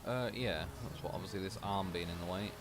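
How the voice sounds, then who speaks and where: A man's voice: deep voice, a little fast, noisy background. Sweary man chatting while gaming. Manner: sweary, rambling, laughs through anecdotes. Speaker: livestreamer. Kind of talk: casual chat while gaming.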